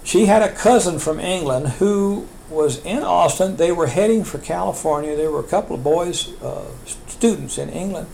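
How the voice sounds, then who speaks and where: An older man spins a long family tale in a gravelly, rasping voice. He rambles and restarts and chuckles at his own asides. A faint hiss sits under the recording. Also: on the high side, normal speed, few pauses, a little mellow, poor audio. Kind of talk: oral history storytelling.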